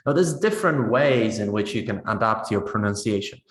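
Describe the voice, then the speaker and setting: A man's voice: on the low side, expressive, fairly quick. A man giving a teacher-training webinar on pronunciation, talking in a conversational way and often checking in with "right?". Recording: roomy echo.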